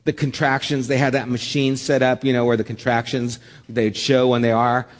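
A man preaching a sermon, telling a lively personal story with humor, then dropping soft and low for solemn points. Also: normal speed, big-room sound. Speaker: pastor.

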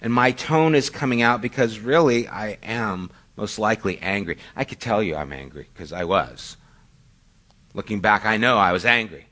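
A middle-aged male pastor with a lowish, expressive voice that sounds pushed and bright speaks at a moderate pace. He preaches in a conversational, storytelling manner, with self-deprecating asides.

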